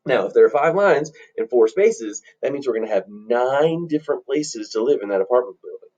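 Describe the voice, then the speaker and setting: A man teaching music by telling a playful story to children, in an animated storyteller manner. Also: medium pitch, a little fast, recorded from a distance. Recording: dull lo-fi recording.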